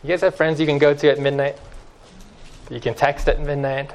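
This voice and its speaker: Emphatic preacher man, fairly high voice. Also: little pitch movement, brisk, clear, resonant tone. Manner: emphatic, repeats key phrases; swings from loud stresses to near-hushed lines. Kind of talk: sermon.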